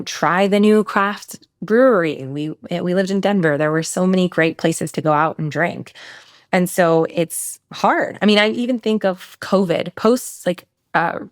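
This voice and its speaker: A woman in her thirties hosting a casual solo podcast as a nutrition coach, talking fast and bluntly, swearing freely and throwing in animated asides. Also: lowish voice, no echo, clean studio sound.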